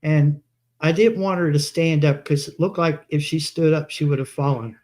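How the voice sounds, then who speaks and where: Rambling man with a higher voice. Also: steady tone, normal speed, a little mellow. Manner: rambling anecdotes, quoting himself. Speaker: co-host. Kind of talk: casual live chat.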